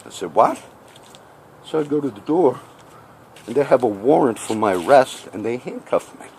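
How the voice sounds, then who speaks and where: A man telling a personal story in casual speech, animated and acting out both sides of the conversation. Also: mid-range voice, brisk, a little hiss or hum. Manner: animated, acts out each side of the dialogue; repeats "I said" often. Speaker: storyteller recounting a personal legal run-in.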